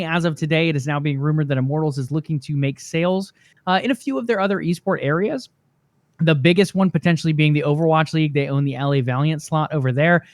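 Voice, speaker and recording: A man's voice: on the high side, no room sound. A man co-hosting a gaming podcast in an easygoing, chatty way, laughing at his own jokes. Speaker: podcast co-host. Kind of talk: casual gaming podcast chat.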